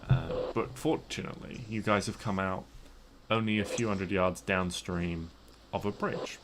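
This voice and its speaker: A man acting as game master, describing the scene in a relaxed, rambling way with frequent fillers. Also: sits low, measured pace, noisy background. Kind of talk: narrating a tabletop game.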